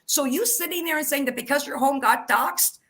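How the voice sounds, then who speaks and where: A woman's voice: high voice, brisk, fairly bright tone. A woman hosting a livestream, delivering a heated, profane rant that calls people out directly. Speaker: livestream host.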